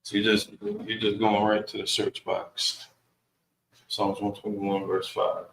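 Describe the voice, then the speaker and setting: A man's voice: lowish voice, flat delivery, slow, a bit bright. A man teaching an online Bible class, casual and easygoing, using slang as he walks learners through Hebrew words. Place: Milwaukee, Wisconsin. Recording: echoey room, voice from far off the mic.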